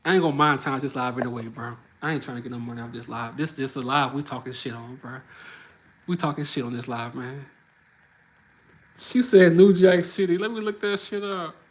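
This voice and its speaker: A Midwestern American man hosts a livestream, chatting loosely with his viewers in slang and laughing often. His voice is medium in pitch and a little fast.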